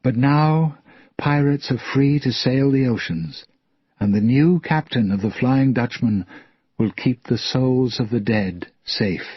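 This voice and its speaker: A man's voice: medium pitch, slow pace, slightly rough, no room sound, lo-fi sound, voice pushed up. A man voicing a devoted young woman in a story reading, speaking tenderly. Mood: thoughtful. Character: young woman, pirate's beloved, tearful and devoted.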